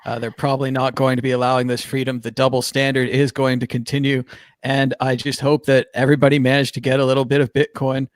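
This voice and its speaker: A man's voice: mid-range voice, monotone, dry recording, clean studio sound. A man hosting a panel discussion, putting questions to guests and reading news items. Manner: brisk, moves panel along with questions. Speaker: show host.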